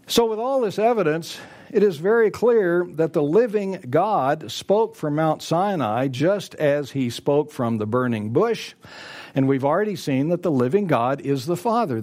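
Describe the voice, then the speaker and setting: A male preacher delivering a sermon, reading scripture verses slowly and stressing them. His voice sits somewhat high and swings widely in pitch, climbing on the quoted lines. He talks with steady emphasis.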